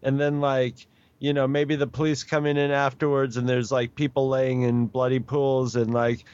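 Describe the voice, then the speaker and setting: A relaxed man chatting casually at a middling pitch, agreeing readily and laughing along. His voice is close and dry, with slightly dull, lo-fi audio. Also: moderate pace, smooth, no echo. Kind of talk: casual chat.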